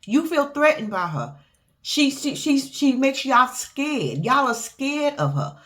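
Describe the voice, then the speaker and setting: A woman's voice: high voice, big pitch swings, takes it slowly, fairly bright tone. A young adult woman giving a casual reality-show recap, blunt, profane and sassy, acting out what people said.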